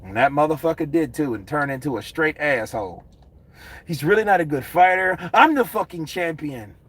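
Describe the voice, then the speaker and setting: A man rants about boxing in a loose, profane, animated way. His voice is husky and sits high for a man. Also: normal speed. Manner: animated, profane, slips into impressions. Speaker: boxing commentator. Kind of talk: casual profane rant.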